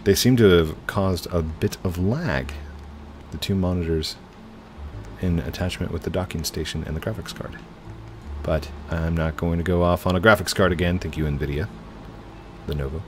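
A man's voice: low-pitched, normal speed, slight background noise. A man hosting casual let's-play commentary at his home computer, chatting to viewers and narrating his own moves. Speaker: gaming channel host.

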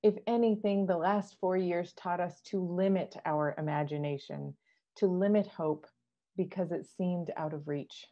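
A woman minister delivers a sermon in a measured, earnest manner. Her voice is low and mellow. The recording sounds dull and lo-fi.

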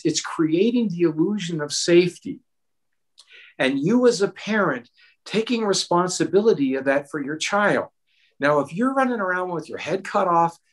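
A middle-aged man answering a question at a town hall, earnest and animated, giving parenting advice with personal stories. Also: high voice. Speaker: mental health expert.

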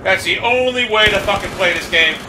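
A man's voice: high-pitched, a little fast. A man ranting angrily over his gameplay, swearing constantly and complaining in exasperation. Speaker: gamer streaming gameplay. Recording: roomy, distant mic with loud game noise.

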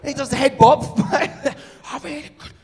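A man's voice: very high voice, steady tone, measured pace, a little mellow, big-room sound. A man doing a live stand-up set, sweary and teasing the crowd. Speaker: stand-up comedian. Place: comedy venue stage.

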